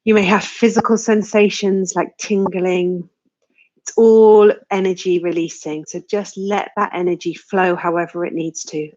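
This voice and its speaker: Woman guiding a slow, soothing tapping session. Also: lowish voice, steady tone, a little mellow, lo-fi sound. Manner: slow, soothing guidance with sighs and yawns. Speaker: tapping practitioner leading a live session. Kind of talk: guided tapping session, live stream.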